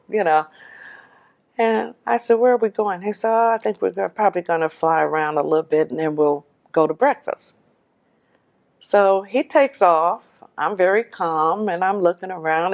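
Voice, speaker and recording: A woman telling her own story with lively animation and a fairly low speaking voice. She brings the dialogue to life, voicing the people she quotes as she recounts them. The delivery is that of a personal storyteller. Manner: laughs while telling.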